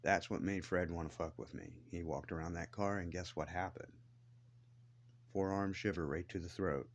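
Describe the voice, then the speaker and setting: A man's voice: low voice, steady tone, moderate pace, lo-fi sound, a little hiss or hum. A man ranting to the camera in a blunt, defiant way, swearing heavily as he tells his grievances. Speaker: vlogger. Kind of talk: angry profane rant to camera.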